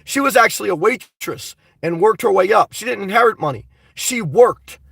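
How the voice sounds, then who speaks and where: A man hosting a casual live stream, reading viewer comments and rambling about them in an animated way. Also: high-pitched, normal speed, vocal fry, husky, no echo, studio quality, far from the mic.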